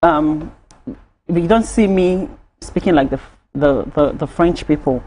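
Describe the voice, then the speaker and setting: A woman's voice: sits low, a little slow, warm tone, slight background noise. A woman with a Nigerian accent on a studio talk panel, making her points emphatically and repeating herself as she builds an argument.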